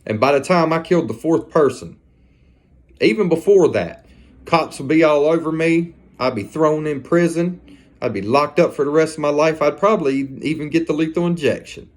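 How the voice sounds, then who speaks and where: A man's voice: fairly high pitch, normal speed, voice pushed up, lightly acted. A man voicing a hardened male ex-convict gang member who talks in a casual, swearing, matter-of-fact way.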